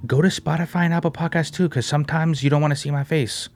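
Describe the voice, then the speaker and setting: High-voiced man rambling on a podcast. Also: steady tone, a little mellow. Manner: rambling, rapid-fire, peppered with "bro" and "you know what I mean"; slips into mocking voices of commenters. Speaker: podcast host. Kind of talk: casual podcast chat.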